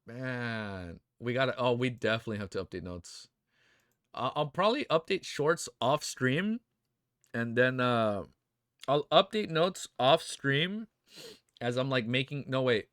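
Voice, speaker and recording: A young man streaming, reacting emotionally and excitedly to fan art in casual chat, swearing often and calling viewers dude and bro. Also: medium pitch, measured pace, no echo, studio quality.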